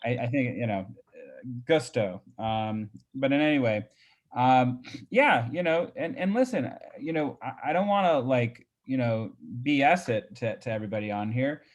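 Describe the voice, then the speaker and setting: A man speaks in a loose, chatty way, rambling through a story with many fillers. His voice sits at an ordinary middle pitch. He is heard over a video call. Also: expressive, moderate pace. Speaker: real estate agent leading a group call. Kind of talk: casual coaching talk on a video call.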